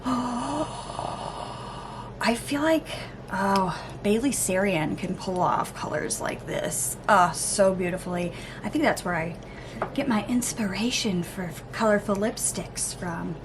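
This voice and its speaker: A woman vlogger chatting casually through an unboxing, gushing, gasping and cooing with excitement. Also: mid-range voice, background noise. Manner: gushing, excitable, lots of gasps and oohs. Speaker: beauty vlogger.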